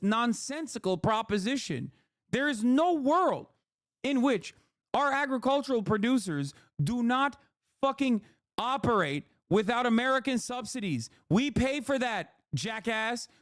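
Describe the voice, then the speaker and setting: A man's voice: very high-pitched, no echo, studio quality. Heated, profane male streamer. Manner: profane, heated, mocking, mimics opponents in a shouting voice. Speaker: streamer reacting to a clip. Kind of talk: casual political commentary stream.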